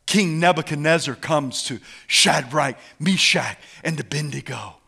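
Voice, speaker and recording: A male preacher delivering a dramatic sermon, swinging from shouts down to hushed whispers. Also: on the high side, measured pace, vocal fry, breathy edge.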